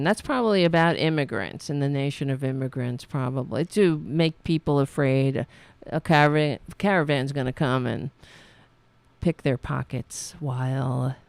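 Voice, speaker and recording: A woman's voice: low voice, a little mellow, clear, resonant tone, no room sound. A woman hosting a casual political livestream, blunt, sarcastic and profane, who often halts to search for her words. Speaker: livestream host.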